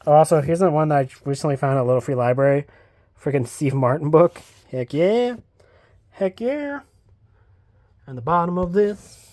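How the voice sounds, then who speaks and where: A book vlogger wanders between rooms at home giving a casual, rambling bookshelf tour, joking, swearing offhandedly, and slipping into silly voices. The voice is medium in pitch with a darkish tone and a fairly quick pace. There's no echo.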